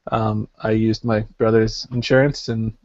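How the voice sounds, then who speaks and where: A young man co-hosting a podcast, telling a story casually with lots of filler words. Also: mid-range voice. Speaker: podcast co-host. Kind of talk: casual chat. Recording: slightly dull lo-fi podcast audio.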